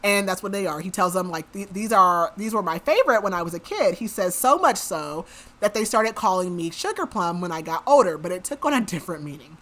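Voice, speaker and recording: A woman's voice: on the low side, expressive, a little fast, a bit bright. A woman podcast host casually retelling a novel's plot, quoting the characters in her own everyday voice with lots of "like.". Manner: chatty, quotes characters in her own voice, frequent "like". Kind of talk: casual book recap.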